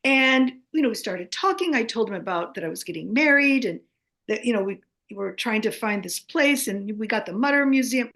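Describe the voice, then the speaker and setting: Animated older woman telling a story. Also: fairly high pitch, normal speed. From United States. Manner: keeps checking in with "okay?". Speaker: author and guest.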